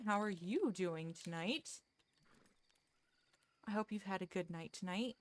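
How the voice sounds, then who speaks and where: A woman chatting casually with viewers during a game livestream, rambling, restarting her sentences and laughing easily. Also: lowish voice. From United States. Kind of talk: casual chat with viewers while gaming.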